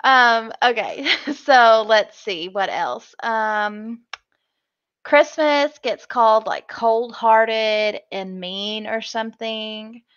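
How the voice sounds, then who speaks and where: A woman's voice: on the high side, extremely slow, a bit bright, clear, resonant tone, dull audio. A woman co-hosting a casual reality TV chat show, giggly and playful. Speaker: co-host.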